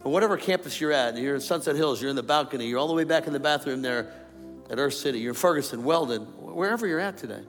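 A man preaching a sermon to a congregation, animated and joking with the crowd. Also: medium pitch, fast talker, faint music behind. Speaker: pastor. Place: large church auditorium. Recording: long hall reverb, faint ambience.

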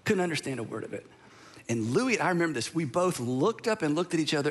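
A man's voice: fairly high pitch, big pitch swings, normal speed, pauses often, a little hiss or hum. An American man, middle-aged, preaching a sermon in a conversational storytelling way with humorous asides. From United States. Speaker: pastor.

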